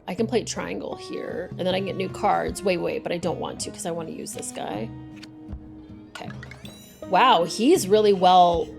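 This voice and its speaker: A woman's voice: lowish voice, vocal fry. A woman streaming a game live, chatting and thinking aloud with many fillers.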